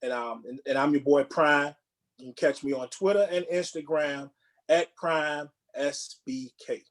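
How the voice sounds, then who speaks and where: A fairly high-pitched man speaks at a measured pace as co-host of a movie podcast. The conversation is casual and he rambles easily, frequently saying words twice and beginning sentences again.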